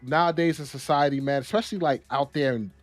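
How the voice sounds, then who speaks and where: Animated casual man, dry close sound. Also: on the high side, fast, no echo, soft background music. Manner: animated, repeats words, slang-heavy. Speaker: podcast co-host. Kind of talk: casual discussion.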